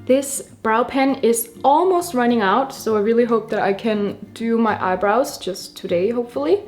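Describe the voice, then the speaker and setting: A woman's voice: a little high, moderate pace. A woman in her twenties from Denmark, chatting casually and rambling with frequent laughs while doing her makeup for a vlog. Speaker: beauty vlogger. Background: soft background music.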